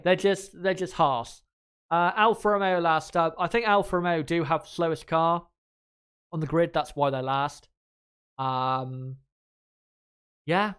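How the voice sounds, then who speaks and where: Rambling young Englishman, smooth voice. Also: fairly high pitch, slow pace, pauses often, a bit bright. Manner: rambling, frank, swears freely, laughs easily. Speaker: channel host. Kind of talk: casual live commentary.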